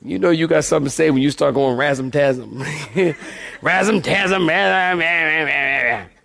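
A male pastor giving a lively sermon, with big swings in volume and pace. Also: fairly high pitch, a little fast, creaky, husky. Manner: animated preaching with shifts in volume and pace.

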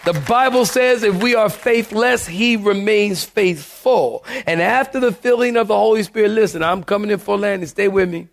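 A man preaching a sermon as pastor, animated and joking, calling out to the congregation. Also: high voice, moderate pace, vocal fry, few pauses.

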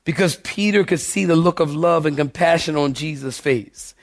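A man preaching a sermon as pastor, animated and joking, calling out to the congregation. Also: a little high, normal speed, few pauses.

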